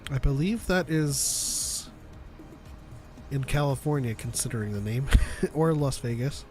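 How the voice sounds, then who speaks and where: A man's voice: mid-range voice, animated, a little slow, darkish tone, soft background music. A man co-hosting a live call-in show, chatting casually, rambling and laughing at his own stories while he reads out the chat. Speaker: co-host reading live chat.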